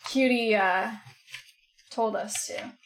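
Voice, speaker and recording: A woman's voice: on the high side, expressive, drawn-out words, faint music behind. A woman streamer chatting casually with her viewers, reacting aloud to their comments and to clips. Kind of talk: casual chat with live viewers.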